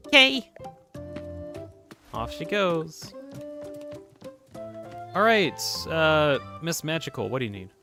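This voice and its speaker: A man's voice: on the high side, big pitch swings, takes it slowly, long pauses, over music. A man streaming a video game, chatting casually and rambling as he reacts to his chat. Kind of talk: casual gameplay commentary.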